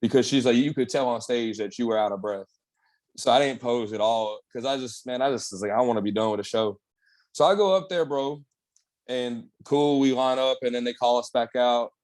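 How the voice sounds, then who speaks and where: A man's voice: medium pitch, brisk, a little mellow. A young man, a bodybuilder guest on an interview, telling his story in a laid-back, slangy way with lots of swearing. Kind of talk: casual candid storytelling.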